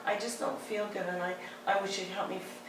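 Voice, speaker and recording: A woman voicing an anxious eight-year-old girl in a quiet, pleading way, recorded from a distance in a roomy hall. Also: medium pitch, flat delivery, brisk, slight background noise, lightly acted.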